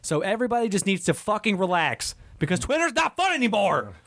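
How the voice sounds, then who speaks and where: A man's voice: sits high, big pitch swings, quick pace, creaky, a bit bright, no echo. A man co-hosting a casual hockey podcast, ranting with exasperation about fans. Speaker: podcast co-host.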